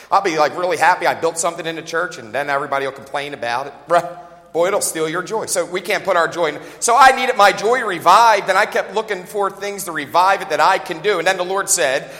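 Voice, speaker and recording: A man preaching a sermon as a pastor, talking fast and joking in a conversational way, recorded with long hall reverb in a church. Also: high voice, sharp tone. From United States.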